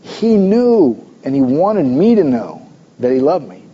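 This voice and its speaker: A man's voice: fairly high pitch, big pitch swings, unhurried, mellow, slightly rough, muffled recording. A middle-aged man preaching a sermon, mixing conversational storytelling with emphatic exhortations. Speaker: pastor.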